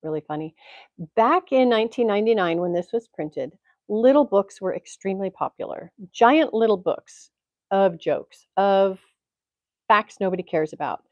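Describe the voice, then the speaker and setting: A woman's voice: medium pitch, expressive, normal speed, no room sound. Chatty woman on a dull, dry mic. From Tennessee, USA. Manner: chatty, rambling, laughs often. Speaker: livestream host. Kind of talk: casual chat. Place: home, indoors. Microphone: computer mic.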